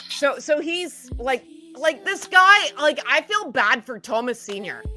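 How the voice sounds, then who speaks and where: A woman's voice: high-pitched, very animated, measured pace, pushed and bright, soft background music. A woman in casual chat, blunt and frank, with many fillers like "like" and "right". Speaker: livestream guest commentator.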